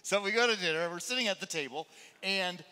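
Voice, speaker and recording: Male pastor, sermon, chatty animated storytelling, bright forceful voice, long church reverb. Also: high voice, brisk, clean tone. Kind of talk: sermon with a humorous personal story.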